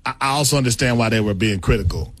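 A man's voice: medium pitch, quick pace. A male sports radio co-host teasing his partner in casual banter, laughing often and talking over him.

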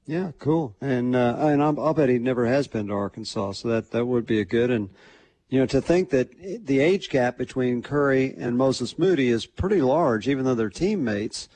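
Casting: man of middle pitch, relaxed radio co-host, easygoing. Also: moderate pace, no echo. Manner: encouraging, easygoing. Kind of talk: casual radio chat.

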